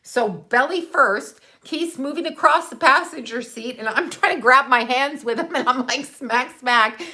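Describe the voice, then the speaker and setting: A middle-aged woman casually telling a story, brash and animated, swearing freely and often laughing mid-sentence. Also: high-pitched, a little slow. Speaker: mother and channel host.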